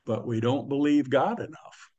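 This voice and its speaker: A man's voice: mid-range voice, normal speed, a little mellow, muffled recording. A man preaching a sermon in a folksy, conversational way, with slang and asides to the listeners.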